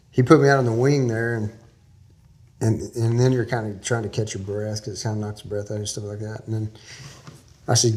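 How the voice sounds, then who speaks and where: A man's voice: lowish voice, a little mellow. A man from Texas, a guest in an interview, telling a long story in a folksy, rambling way with small laughs.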